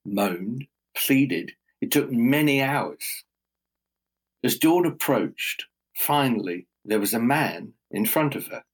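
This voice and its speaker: A man telling a folk tale aloud in a slow, measured, dramatic way. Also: mid-range voice, husky. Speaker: storyteller. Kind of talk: oral storytelling.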